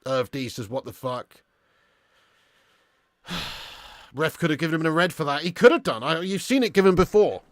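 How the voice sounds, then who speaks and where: A man hosting a live football watch-along, commentating and reading viewer chat, excitable and swearing freely. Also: on the high side, moderate pace, pauses often, no echo, studio quality. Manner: excitable, swears freely, swings from muttering to shouting. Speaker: fan channel host.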